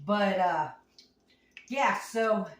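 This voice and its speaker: A woman's voice: mid-range voice, extremely slow. A woman hosting a home cooking show, telling rambling, folksy stories in a casual way as she cooks. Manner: folksy, rambling, homespun phrasing. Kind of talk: casual storytelling while cooking. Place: home kitchen. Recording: echoey room, mic at a distance.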